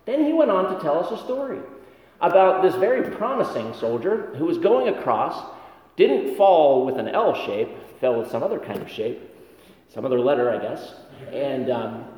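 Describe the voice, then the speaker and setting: A man's voice: fairly high pitch, a little mellow. A man preaching a sermon, telling stories in a conversational way with self-deprecating humor. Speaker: pastor. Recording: echoey hall with long reverb.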